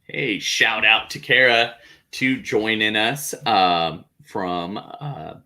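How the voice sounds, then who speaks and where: A man's voice: fairly low pitch, sharp tone. A man hosting an educator podcast, asking questions in a friendly, encouraging way. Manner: friendly, encouraging interviewer, slow and easygoing. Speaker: podcast host. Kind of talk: casual interview chat.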